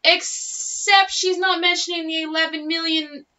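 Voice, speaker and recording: A woman vlogger rants with sarcasm and profanity, mocking her target. Her voice is high and sharp. It is recorded from a distance with a dull, lo-fi sound. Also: steady tone, a little slow. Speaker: commentary vlogger. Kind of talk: casual political rant.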